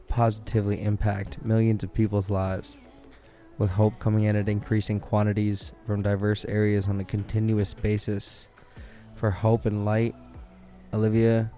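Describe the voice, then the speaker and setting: A man's voice: lowish voice, mellow. A young man vlogging on his own, upbeat and grateful, rambling with many fillers, speaking very close to a mic in a small room. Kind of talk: casual solo monologue. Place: indoors, small room with a fan nearby. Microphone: studio mic held very close to the mouth.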